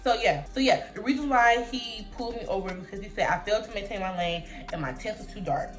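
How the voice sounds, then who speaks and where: A young woman vlogger telling a personal story in a casual, slangy, animated way, laughing often as she talks. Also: medium pitch, quick pace, faint music behind.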